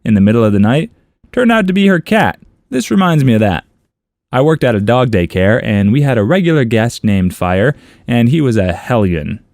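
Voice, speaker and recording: Man reading comments with lively pitch. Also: moderate pace, dry recording, clean studio sound. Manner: playful, amused reading with lively pitch swings. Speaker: story channel narrator. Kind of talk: reading online comments aloud.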